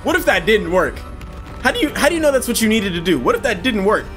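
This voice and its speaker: Jokey young man, lively game commentary. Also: sits high, fast, soft background music. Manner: jokey, sarcastic, mocks the game characters. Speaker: gaming channel host. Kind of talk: casual gameplay commentary.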